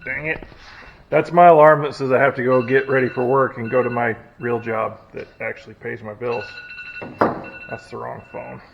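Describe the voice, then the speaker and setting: A medium-pitched man speaks in a steady tone at a brisk clip, hardly pausing, as he works on an old truck in his garage. The hobby mechanic keeps things chatty and self-deprecating. Dull lo-fi audio with faint noise picks up logging machinery next door.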